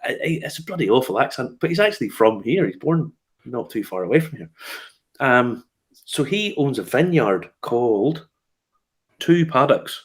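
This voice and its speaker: A sing-song, medium-pitched male voice at normal speed belongs to the host of a whiskey news show, who tells stories in a casual chat. He's a chatty storyteller who laughs often and leans on fillers and restarts.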